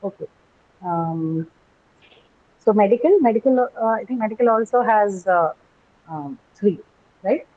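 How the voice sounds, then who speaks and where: A woman's voice: mid-range voice, animated, unhurried, pauses often. A woman teaching an English class online, patiently repeating words and questioning her students. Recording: tinny phone-like call audio.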